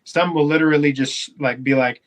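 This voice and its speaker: A man with a fairly high voice talks slangily and with emphasis in a relaxed podcast chat. He often starts over and repeats his words as he goes. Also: fairly quick. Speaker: podcast co-host.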